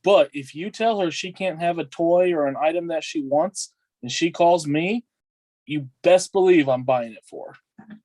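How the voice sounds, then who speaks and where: A man's voice: fairly high pitch, unhurried, darkish tone, dry recording. A man chatting casually and playfully with friends. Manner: playful, laid-back. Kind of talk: casual chat.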